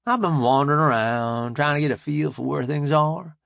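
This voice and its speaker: A man's voice: a little high, normal speed, creaky, fairly bright tone, dry recording. A man voicing a sassy, folksy woman who teases her captain with wry, scolding banter. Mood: teasing.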